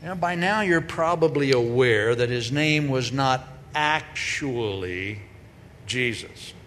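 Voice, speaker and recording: A woman giving a humorous sermon in a large hall, telling stories in a lively way and acting out the voices she quotes. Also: a bass voice, slow. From grew up on a farm. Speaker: speaker, preacher. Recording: long hall reverb, faint noise.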